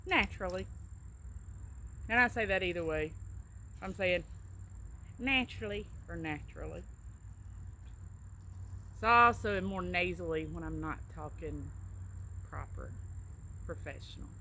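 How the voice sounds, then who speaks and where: A chatty middle-aged woman with a Southern Alabama drawl, talking casually and explaining words with small stories. Her voice is bright and forward, and faint background noise sits behind her. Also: lowish voice, moderate pace. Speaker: co-host, travel agent. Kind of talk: casual accent-tag chat.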